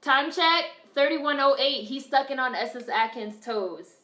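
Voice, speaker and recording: A woman's voice: high-pitched, lively intonation, unhurried, pushed and bright. A woman streamer reacting to a film, chatting casually, laughing often and reading her chat aloud.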